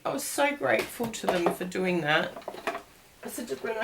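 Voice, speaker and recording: A woman's voice: on the high side, expressive, moderate pace, creaky, heavy background noise. A woman hosting a cardmaking tutorial, chatting casually and digressing as she crafts.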